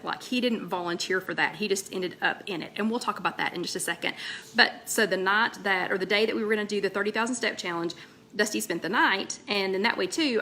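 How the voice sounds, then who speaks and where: A chatty woman with a lilt hosts a casual live stream, talking into a laptop mic. Her voice is bright and ringing, and she wanders from story to story and breaks off mid-sentence to greet viewers by name. A faint hiss of room noise sits under her voice. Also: medium pitch. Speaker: host of a weight-loss chat livestream.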